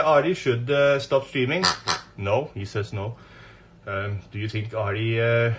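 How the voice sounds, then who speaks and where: A man's voice: medium pitch, noisy background. An older man with a Norwegian accent, chatting playfully and teasingly on a livestream as a grandfather with his granddaughter. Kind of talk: casual livestream chat.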